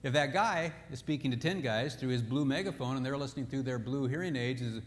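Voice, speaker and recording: A man's voice: medium pitch, fairly quick, few pauses, slight background noise. A man giving a humorous marriage seminar talk, telling stories and acting out the quotes in them, with scripture mixed in. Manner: jokey storyteller who acts out quotes. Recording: echoey hall.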